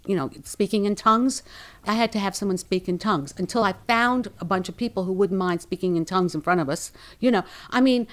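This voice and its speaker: A woman with a New Orleans accent talks about her work as a dialect coach. She tells stories in a lively, animated way, with a mid-range voice. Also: medium pitch. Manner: lively, talkative, animated storytelling. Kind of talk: interview.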